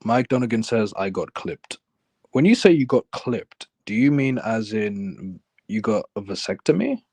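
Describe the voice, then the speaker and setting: A man from London hosting a live stream, reading viewers' chat messages aloud and answering them in a calm, casual way. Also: moderate pace, slightly rough, dry recording. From London, England. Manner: calm, low-key, reads chat aloud.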